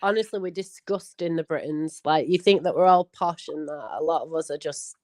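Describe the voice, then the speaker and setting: This is a woman with a northern English accent, chatting on a casual livestream panel. Her voice sits a little low for a woman. She talks bluntly, swears freely and laughs often. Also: fairly quick, a little mellow. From northern England. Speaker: livestream host.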